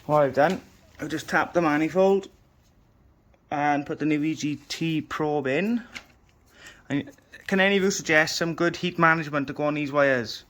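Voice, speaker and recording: A man's voice: fairly high pitch, moderate pace, a bit bright. A man talking casually through his home car project in a garage, chatty and down-to-earth with the odd swear word. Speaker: home mechanic vlogger. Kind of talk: casual workshop walkthrough.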